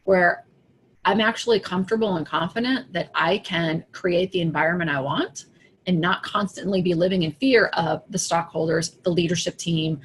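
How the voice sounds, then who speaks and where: Animated storytelling woman, lowish voice. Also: normal speed, slight background noise. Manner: animated storytelling, acting out her own thoughts. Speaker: coach. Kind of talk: casual talk to an audience.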